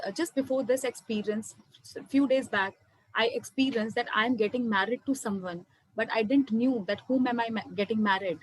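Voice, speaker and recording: A woman tells her listeners about a personal spiritual experience. Her voice sits a little high for a woman, and it sounds emotional and earnest as she keeps calling her listeners friends. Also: slightly rough, low-quality recording. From India. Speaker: meditation speaker. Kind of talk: personal testimony to an online audience.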